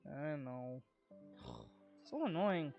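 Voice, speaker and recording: A man's voice: a little high, wildly swooping pitch, very slow, creaky, a little mellow, lo-fi sound, faint music behind. A man streaming as a VTuber, chatting casually with a sarcastic, self-mocking humor and frequent laughs. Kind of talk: casual live-stream chat while drawing.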